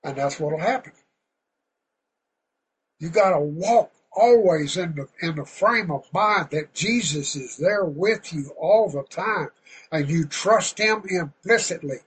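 A man preaching a sermon in a folksy, fervent way, now and then getting loud. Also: a little high, animated, slow, husky, rough recording.

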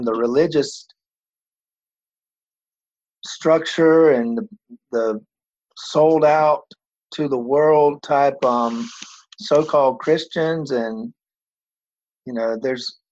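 A man discussing scripture in a measured, halting way, on a lo-fi tape recording. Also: mid-range voice, darkish tone, no echo. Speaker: Bible study participant. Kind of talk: reflective Bible discussion.

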